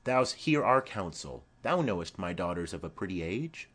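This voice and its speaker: A man's voice: low-pitched, big pitch swings, moderate pace, fairly bright tone, heavily acted. A man voicing a stately noblewoman urging her daughter to marry, formal and persuasive, in an audiobook play reading.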